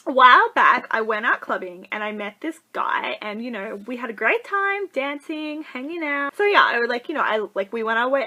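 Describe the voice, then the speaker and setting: A woman's voice: on the high side, bright, forceful tone, rough recording. A young woman giving casual dating advice in a chatty vlog, full of fillers and acted-out quotes. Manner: chatty, full of likes, acts out quoted people. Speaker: vlogger.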